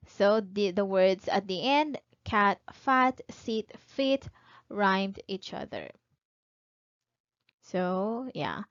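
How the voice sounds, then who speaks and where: Slow, careful woman teaching a lesson. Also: medium pitch, no room sound. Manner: asks questions to absent students and answers them herself; drawn-out, careful reading of examples. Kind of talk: recorded online lecture. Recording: dull, dry close recording.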